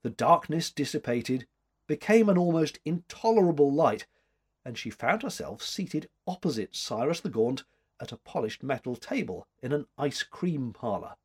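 A man narrating an old-fashioned story aloud in a measured, expressive way. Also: medium pitch, slightly rough. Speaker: audiobook narrator.

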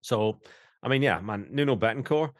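A man's voice: medium pitch, expressive, moderate pace, no room sound, clean studio sound. A British man co-hosting a podcast, drunk, rambling and swearing as he reads out listener comments. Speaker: podcast co-host. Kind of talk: casual chat.

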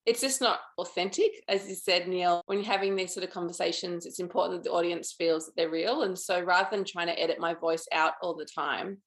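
A woman's voice: on the low side, steady tone, a little fast, hardly any pauses, a bit bright. A woman filmmaker being interviewed, speaking in a thoughtful, earnest and chatty way. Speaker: documentary filmmaker, guest. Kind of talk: interview conversation.

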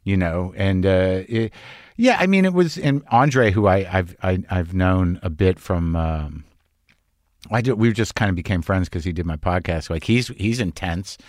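A man's voice: sits low, animated, moderate pace, no room sound, studio quality. A man who hosts a podcast and acts, talking casually in a loose, profane and self-deprecating way. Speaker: podcast host and actor. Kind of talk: casual conversation.

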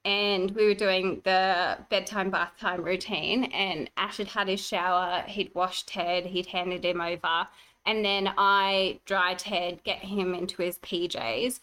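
A woman's voice: on the low side, takes it slowly, smooth, rough recording. A pregnant woman, co-hosting a podcast and chatting casually, acting out the voices in her stories. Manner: animated storyteller, acts out quoted voices. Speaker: podcast co-host. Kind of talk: casual chat.

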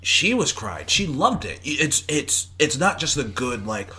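A young man co-hosting a casual podcast, talking in a playful, jokey, animated way. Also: medium pitch, unhurried. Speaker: podcast co-host. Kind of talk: casual chat.

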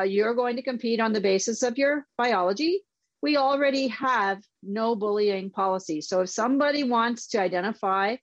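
A woman's voice: mid-range voice, no room sound, highs cut off. A woman from Canada, an author and sports organizer, speaking firmly and resolutely as an interview guest. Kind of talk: interview talk.

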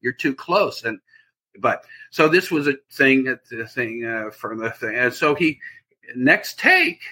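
A man, an actor guest on an interview show, telling a rambling, animated anecdote in casual chat. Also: medium pitch, takes it slowly.

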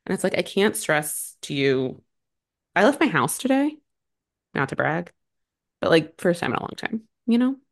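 Woman co-host, slightly low voice, quick sarcastic movie recapper. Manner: animated, sarcastic, fast recapping with many "like"s. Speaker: podcast co-host. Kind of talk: casual chat.

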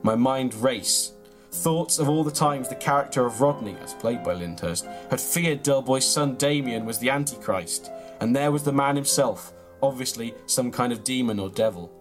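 A man, reading his own absurd comic story in a deadpan, mock-grand way, then bantering. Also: mid-range voice, moderate pace, over music. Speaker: comedian reading his own tall tale.

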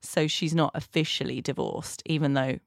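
Podcast host, woman, gravelly low-fi fry, dry close mic, casual rambling recap. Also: steady tone, moderate pace, no echo. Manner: chatty, rambling, warm asides.

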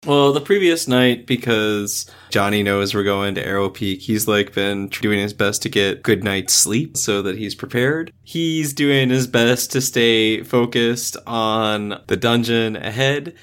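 Excitable low-voiced male player. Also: a little slow, few pauses, clean tone. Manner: giggly, excitable. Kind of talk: tabletop game chat.

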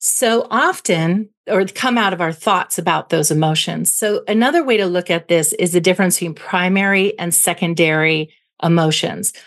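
Measured woman psychologist, lowish voice. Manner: measured, explanatory. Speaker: clinical psychologist guest. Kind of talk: podcast interview.

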